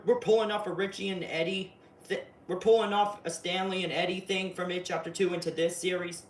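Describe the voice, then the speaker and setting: A man giving a chatty, excitable spoiler recap of a TV episode, full of fillers and asides. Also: on the high side, slight background noise. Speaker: video reviewer. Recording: roomy, distant mic, faint ambience.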